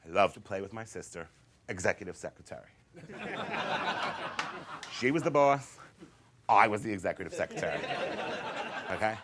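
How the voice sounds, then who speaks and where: Campy male storyteller, lively pitch, noisy live recording. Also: normal speed, long pauses. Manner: animated, campy, acts out voices. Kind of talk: comedic storytelling.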